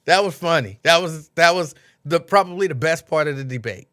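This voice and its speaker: A man's voice: a little high, brisk, hardly any pauses. A man hosting a casual late-night livestream, chatty and repetitive, breaking into laughs and mimicking people. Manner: animated, laughing, repeats lines, mimics others. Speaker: host.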